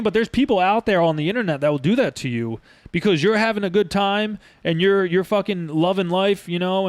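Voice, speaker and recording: Streamer host, man, raised pitch, smooth clean tone; casual, profane, rambling delivery. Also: fairly bright tone, no room sound. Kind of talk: casual podcast monologue.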